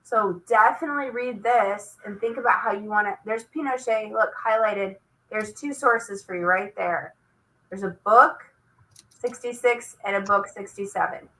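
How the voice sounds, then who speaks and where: Woman, teacher, bright and forceful tone, upbeat classroom demo, coaxing. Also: medium pitch, normal speed, low-quality recording. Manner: lively, coaxing, talks while clicking through a screen. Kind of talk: classroom demonstration over a video call.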